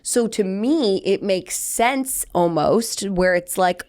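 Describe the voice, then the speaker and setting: A woman's voice: medium pitch, slow. A young woman co-hosting a sports podcast, talking in a chatty, casual way. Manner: chatty, animated storytelling with laughs. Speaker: podcast co-host.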